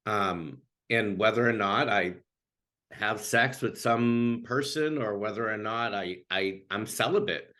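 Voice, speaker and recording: A man who coaches queer youth, talking earnestly as an interview guest, halting and restarting often. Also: lowish voice, pushed and bright.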